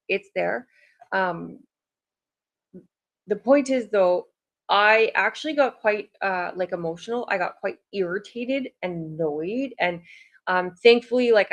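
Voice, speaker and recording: A woman talking casually to her viewers, chatty and rambling, with lots of "like" fillers. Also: mid-range voice. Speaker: vlogger. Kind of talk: casual chat to camera.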